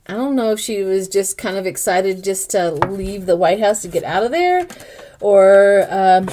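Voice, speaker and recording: A woman's voice: mid-range voice, darkish tone. Older woman musing through a tarot reading. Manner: musing aloud as she interprets each card; chatty, speaks directly to viewers. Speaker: tarot reader. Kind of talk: casual tarot reading to camera.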